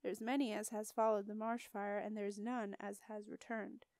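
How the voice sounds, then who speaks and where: A woman voicing a grumpy male marsh creature with a deep, gurgling voice and a broad marshland drawl, dropping word endings. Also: little pitch movement, normal speed, darkish tone, clear, resonant tone, no room sound, clean studio sound, lightly acted. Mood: gruff. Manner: grumbling, clipped dropped endings.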